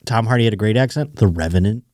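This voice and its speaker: A man's voice: lowish voice, quick pace, a little mellow, dry recording, clean studio sound. A man hosting a podcast in casual chat, rambling and swearing, often laughing. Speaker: podcast host.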